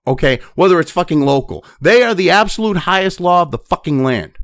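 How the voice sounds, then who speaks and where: A man's voice: high voice, brisk, no echo, clean studio sound. Angry swearing man ranting over the news. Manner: angry, swearing constantly, swinging between flat reading and loud outbursts. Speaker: commentator reading and reacting to news. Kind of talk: profane political rant over news reading.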